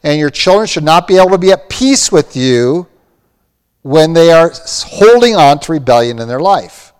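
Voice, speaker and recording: Guy preaching in a big echoey hall, high voice, earnest and pointed. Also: lively intonation, normal speed, a little mellow, smooth. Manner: earnest preaching, quoting scripture. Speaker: pastor. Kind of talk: sermon.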